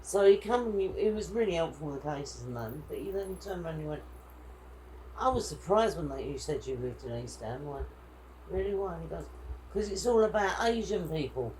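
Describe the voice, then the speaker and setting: A woman's voice: low voice, expressive, brisk, darkish tone, slight background noise, rough recording. A woman telling a travel story in a casual vlog chat, quoting people as she goes. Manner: chatty, indignant retelling with quoted dialogue. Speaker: vlogger.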